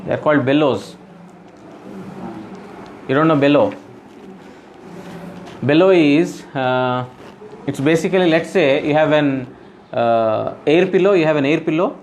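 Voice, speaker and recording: A man's voice: fairly high pitch, measured pace, pauses often, a little mellow, a little hiss or hum, rough recording. Man explaining scripture, quizzing listeners. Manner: repeats and rephrases for emphasis. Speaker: spiritual teacher. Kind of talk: scripture class.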